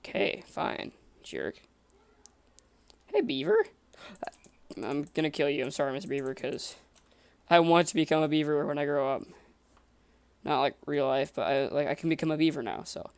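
A man giving casual let's-play commentary, excitable and talking to himself and the creatures in the game. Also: a little high, fairly quick, vocal fry, clear, resonant tone, no room sound. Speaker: gamer.

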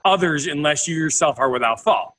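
A man with a bright, fairly high voice co-hosts a casual podcast. He explains topics and reads out facts, pausing now and then to hunt for the right word. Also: expressive. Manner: explanatory, searches for words. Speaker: podcast co-host. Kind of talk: casual chat, reading out facts.

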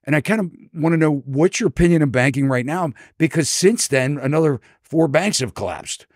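A man's voice: on the high side, animated, a little fast, a little mellow, dry recording, clean studio sound. An American man hosting an interview, asking long rambling questions with many fillers and restarts. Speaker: podcast host, real estate broker.

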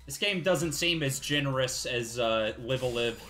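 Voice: mid-range voice, normal speed, a bit bright, faint music behind. A streamer giving casual live commentary while playing a game, wry and rambling, with profane asides.

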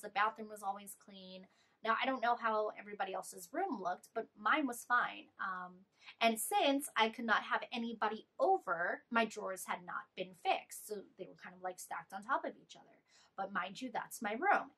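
A young woman vlogger telling an animated, exasperated storytime about a bad living situation. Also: mid-range voice. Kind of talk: storytime vlog.

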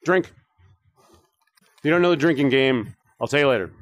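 A man's voice: medium pitch, animated, moderate pace, no room sound, dull audio. Rambling, swearing male game streamer. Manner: joking, rambling, swears often. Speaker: streamer playing a VR shooter. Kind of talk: casual live-stream commentary.

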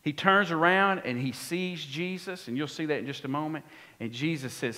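A man preaching a sermon, animated and often asking his congregation questions. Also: fairly high pitch, moderate pace. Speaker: pastor.

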